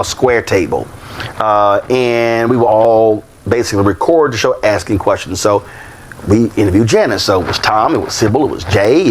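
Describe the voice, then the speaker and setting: A man with a very lively, swooping voice hosts his show. He reads news reports, then slips into storytelling marked by uh fillers and restarts. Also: medium pitch, a little hiss or hum. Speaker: talk show host.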